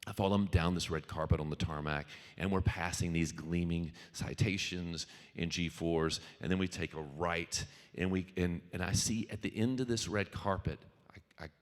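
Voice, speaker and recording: A middle-aged man, a musician, telling an animated story to a live audience, stammering on restarts. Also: sits low, normal speed. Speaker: featured speaker and musician. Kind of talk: storytelling keynote talk. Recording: reverberant hall.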